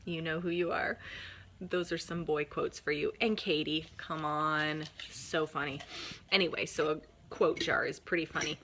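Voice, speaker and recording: Bubbly, bright-voiced mom chatting. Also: female voice, sits low, moderate pace, a little hiss or hum. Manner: bubbly, laughing, energetic. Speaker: mom sharing family tips. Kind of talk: casual chat to camera.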